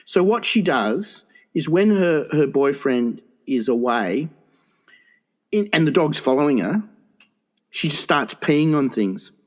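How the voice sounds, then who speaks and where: A male podcast host spins a crude, rambling yarn with frequent swearing and tripping restarts. His voice sits somewhat high for a man, and the talk is loose and casual. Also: sing-song, takes it slowly. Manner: rambling, profane, stumbling restarts.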